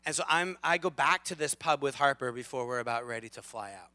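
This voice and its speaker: A man in his thirties preaching a sermon as a lively, self-deprecating storyteller, with big swings in loudness. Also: medium pitch, a little fast, dry recording. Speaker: pastor.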